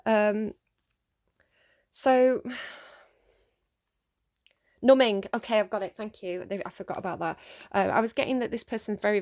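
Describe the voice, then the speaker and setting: A woman talks through a tarot reading at a middle pitch, in a casual, rambling way. She fills her talk with ums and sighs, and the recording is close and dry with no room sound. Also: a little mellow, dry recording. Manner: rambling, many fillers and sighs. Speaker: tarot reader.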